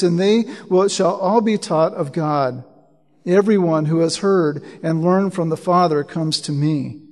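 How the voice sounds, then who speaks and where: A man with a high voice preaches a sermon in an earnest tone, reading long scripture passages and stopping to explain them. He often repeats words as he restarts a phrase. The sound carries a long reverb, as in a large hall. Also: a little mellow.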